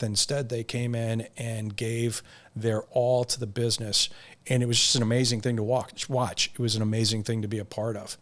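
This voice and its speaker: A man in a mid-range voice, a company CEO, answering podcast questions with upbeat, earnest enthusiasm. He explains his business clearly, like a practiced pitch. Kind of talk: interview answers.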